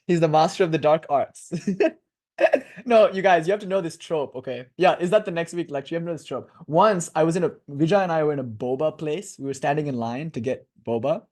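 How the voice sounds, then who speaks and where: A young man in his twenties lectures a class in a relaxed, joking way. His voice sits fairly high for a man, and he wanders into laughing asides before pulling back to the point. The delivery is lively and conversational. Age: 20s. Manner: lively, digressive, quick to laugh. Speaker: lecturer on bhakti philosophy.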